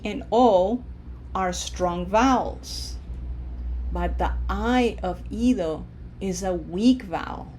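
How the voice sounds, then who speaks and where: A woman teaching a language lesson, drilling verb forms slowly and clearly for the learner to repeat. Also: medium pitch, darkish tone, slight background noise. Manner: slow, deliberate, drills words for the learner to repeat. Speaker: Spanish teacher.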